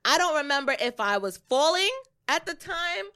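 A woman's voice: high-pitched, normal speed. A young woman co-hosting a podcast, telling a personal story in casual, profane chat and acting out other people's lines. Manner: profane, animated, acts out quotes. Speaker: podcast co-host.

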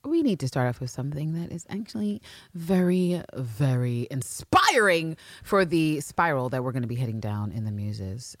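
A woman co-hosting a casual fan podcast, animated, swinging from loud exclaiming to hushed asides. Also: low voice, no echo, studio quality. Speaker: podcast co-host.

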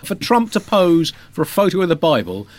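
A man's voice: a little high, sing-song, a little fast, noisy background. A man co-hosting a comedy podcast, rambling with fillers and self-amused asides. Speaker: co-host. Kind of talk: comic podcast banter and mock scripture reading.

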